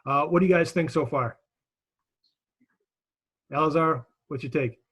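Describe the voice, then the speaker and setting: Man teaching a class, slightly high voice, direct, encouraging, video call audio. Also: measured pace, a bit bright, slightly rough. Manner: encouraging, direct, with frequent restarts. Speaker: instructor.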